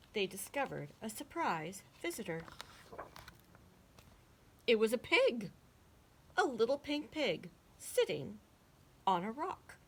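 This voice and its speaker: A woman teacher reading picture books aloud to children in a slow, expressive storytelling voice. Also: mid-range voice, husky.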